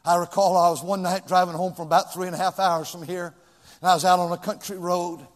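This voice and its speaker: Pastor preaching with big dynamic swings. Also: male voice, high-pitched, little pitch movement, brisk. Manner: swings from shouted pleas to hushed, near-whispered prayer. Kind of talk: sermon. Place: church sanctuary. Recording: long hall reverb.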